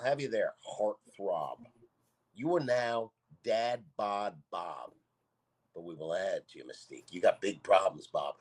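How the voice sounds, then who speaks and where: A brash comedian reading his own comedy script aloud, loud, abrasive and mocking. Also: lowish voice. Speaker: guest comedian. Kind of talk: comedy script table read.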